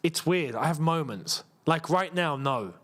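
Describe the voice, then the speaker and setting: A man hosting a live football watchalong, chatty and excitable and laughing often. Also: a little high, unhurried. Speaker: host.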